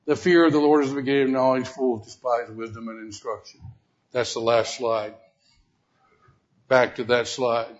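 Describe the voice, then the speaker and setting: A man's voice: mid-range voice, steady tone, normal speed, long pauses. A man teaching a Bible lesson as a preacher, emphatic and questioning his listeners directly. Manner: emphatic, rising to loud repeated exhortation; asks the audience questions directly. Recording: dull lo-fi recording.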